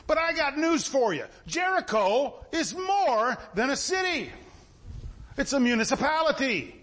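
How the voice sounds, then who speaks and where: A man's voice: very high-pitched, sing-song, a little slow, fairly bright tone. A man preaching a sermon in a folksy style, asking his listeners questions again and again. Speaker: pastor.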